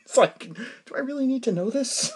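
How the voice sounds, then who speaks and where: A man's voice: very high voice, a little hiss or hum. A man in his forties hosting his own podcast, telling rambling stories in a casual monologue with lots of fillers and laughs. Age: 40s. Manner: rambling, animated storytelling with frequent fillers and laughs. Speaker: podcast host.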